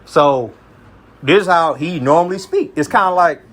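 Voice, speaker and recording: A man's voice: fairly high pitch, animated, moderate pace, fairly bright tone. A man from Kentucky leading a small group Bible study in a casual, slangy way, often checking that listeners follow him. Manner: slangy, conversational, often asks "you see what I'm saying".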